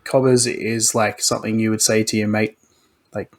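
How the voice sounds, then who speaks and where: An Australian man co-hosting a podcast, explaining slang in a relaxed, chatty way. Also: lowish voice, moderate pace. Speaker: podcast co-host. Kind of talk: casual chat.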